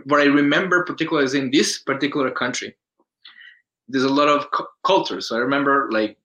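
A man from Colombia with a Colombian Spanish accent, a guest in a casual interview, telling stories in a lively way and acting out quoted voices. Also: mid-range voice, quick pace, poor audio. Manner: animated storyteller, acts out quoted voices, restarts often.

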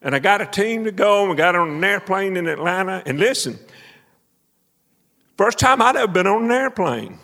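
A man preaching a sermon as a folksy, animated story, shouting praise and laughing along the way. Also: sits high, normal speed, creaky. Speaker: preacher and minister of missions. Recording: echoey hall.

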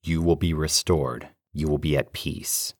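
A man voicing an inhuman spirit bound to a tape player, speaking slowly, coldly and commandingly. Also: extremely low pitch, fairly even intonation, no room sound, clean studio sound, full character voice.

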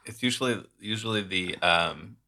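A man's voice: lowish voice, normal speed, creaky, pushed and bright. A man dropping into casual chat with dry, offhand jokes.

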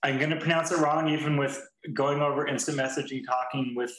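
A man co-hosting a podcast, talking in a loose, rambling way that keeps doubling back and restarting. He swears casually, and his voice sits at an ordinary middle pitch. The room around him rings with a noticeable echo. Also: steady tone, brisk, fairly bright tone, a little hiss or hum. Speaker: podcast co-host. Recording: roomy echo.

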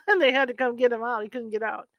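A middle-aged woman from California chatting casually and spinning anecdotes with a chuckle in them. Her voice sits a little on the high side, recorded close and dry with no room sound. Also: quick pace, fairly bright tone, no echo. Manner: chatty storyteller, laughs while telling. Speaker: conversation partner. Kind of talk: casual chat. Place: Sacramento, USA.

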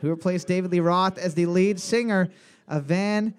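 A man runs a bar trivia night on the microphone, his voice pitched high. He reads each question twice and fills the gaps with crude jokes. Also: normal speed, smooth. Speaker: trivia quizmaster. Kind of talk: live bar trivia banter. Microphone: handheld mic.

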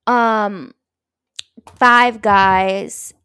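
A woman's voice: mid-range voice, fairly even intonation, drawn-out words, sharp tone, smooth, no room sound, studio quality. A woman co-hosting a podcast, easygoing and easily distracted in casual chat. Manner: easygoing, distractible, laughs often. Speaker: podcast co-host.

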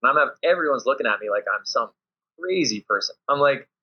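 A man, a volleyball coach, chatting casually in a podcast interview and acting out lively classroom scenes. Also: mid-range voice, brisk, slightly rough. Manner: animated storyteller acting out his players and himself. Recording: dull lo-fi audio.

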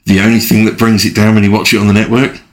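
A man with a low voice chats easily on a podcast. He agrees readily and keeps affirming what the others say. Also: level tone, quick pace. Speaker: podcast co-host. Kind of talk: casual chat.

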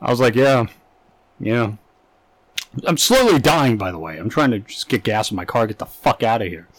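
A man's voice: medium pitch, animated, moderate pace, rough recording. A man co-hosting a comedy podcast, telling a crude anecdote in a casual way and acting out the voices of the people in it. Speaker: podcast co-host.

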